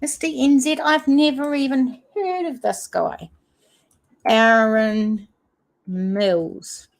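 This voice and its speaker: A woman's voice: a little high, takes it slowly, vocal fry. A woman from New Zealand with a New Zealand accent, hosting a casual livestream chat and reading viewer comments aloud. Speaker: livestream host.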